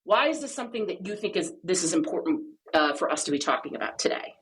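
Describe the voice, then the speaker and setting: A woman's voice: fairly low pitch, very animated, fast talker. A woman co-hosting a podcast, explaining ideas in an emphatic, playful way with many rhetorical questions. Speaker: podcast co-host.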